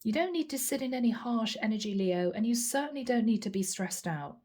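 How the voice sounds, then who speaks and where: A woman giving a channeled tarot reading, speaking calmly and reassuringly, addressing the listener directly and repeating key phrases. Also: fairly high pitch, fairly quick. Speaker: tarot reader.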